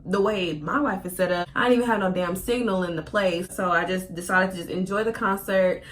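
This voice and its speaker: A woman's voice: fairly quick, a little hiss or hum. A woman in her twenties telling a story on her vlog, casual and profane, acting out her own quoted words, at times close to tears. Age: 20s. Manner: casual, profane, expressive with slang; acts out her own quoted lines with big pitch jumps. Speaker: vlogger.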